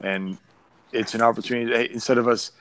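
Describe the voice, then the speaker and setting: A man's voice: mid-range voice, fairly even intonation, fairly bright tone, poor audio. A man talking casually about his son, rambling with frequent restarts. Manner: rambling, halting, many restarts. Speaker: parent discussing his son. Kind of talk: casual podcast chat.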